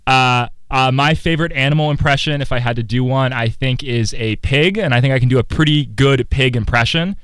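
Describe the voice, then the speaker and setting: A man's voice: medium pitch, brisk, few pauses, a bit bright, smooth, no room sound. A young man, a college student, hosting a casual radio chat with friends in a loose, rambling way. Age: young adult. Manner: rambling, playful. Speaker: college radio show host.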